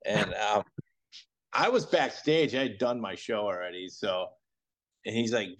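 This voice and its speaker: A comedian guest telling an anecdote on a podcast, laughing and acting out what others said. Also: male voice, on the low side, normal speed. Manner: animated, laughs while telling, acts out quotes. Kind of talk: anecdotal storytelling.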